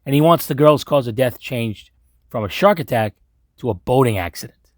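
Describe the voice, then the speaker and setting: A man's voice: medium pitch, animated, moderate pace, dry recording, studio quality. A man from Long Island, recapping a movie in a blunt, sarcastic way and swearing freely. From Long Island, New York. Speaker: movie commentator. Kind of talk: profane movie recap commentary.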